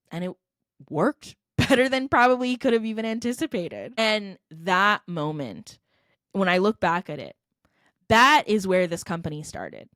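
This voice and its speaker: A woman's voice: medium pitch, sing-song, moderate pace, fairly bright tone, no room sound, studio quality. A young adult woman from California, a company founder telling a heartfelt personal story in a podcast interview. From California, United States. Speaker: guest, edtech company founder.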